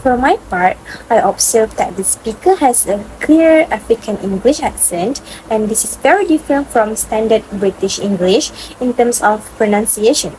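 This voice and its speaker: Woman reading an analysis, fairly high voice. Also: lively intonation, normal speed, hardly any pauses, darkish tone, slight background noise, poor audio. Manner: scripted, explanatory. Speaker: student presenter.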